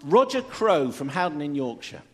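A man's voice: fairly high pitch, very animated, normal speed, husky. A man presenting a radio show on a stage in front of a live audience, chatting and reading out listener emails with theatrical emphasis. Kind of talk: lively live radio chat before an audience.

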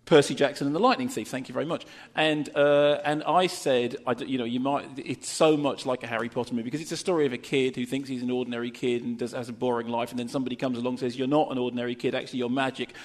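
Male radio co-host, quick wry asides, rapid talker who stumbles and restarts. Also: medium pitch, steady tone. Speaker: film critic co-host. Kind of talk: casual radio chat.

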